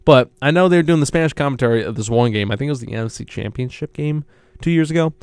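A man's voice: medium pitch, fast, clear, resonant tone, no echo. A young man hosting a casual college radio sports show. He rambles and corrects himself often. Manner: rambling, animated, self-correcting. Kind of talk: casual solo sports talk.

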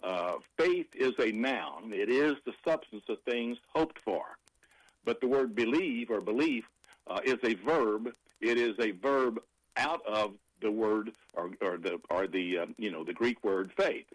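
A man's voice: fairly low pitch, unhurried, no echo, low-quality recording. A man preaching informally on a broadcast, rambling and emphatic, with restarts and quoted scripture.

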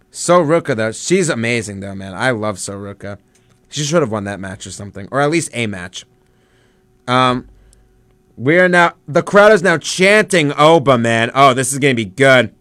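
A young man chatting casually as he watches wrestling live, excited and rambling with lots of fillers. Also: mid-range voice, no room sound. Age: young adult. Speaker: student vlogger.

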